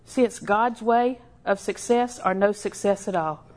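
An older woman preaching a sermon in a folksy, storytelling way, with slow emphatic repetition. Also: medium pitch, darkish tone.

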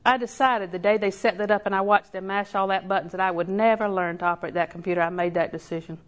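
An older woman preaching a sermon in a folksy, storytelling way, with slow emphatic repetition. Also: mid-range voice, steady tone.

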